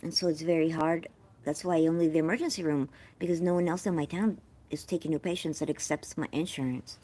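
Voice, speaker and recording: A woman's voice: low voice, steady tone, a little fast, dark tone. An American woman from California hosting a casual live-stream chat from home, talking straight to her viewers in a chatty, effusive way. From California, USA. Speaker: livestream host.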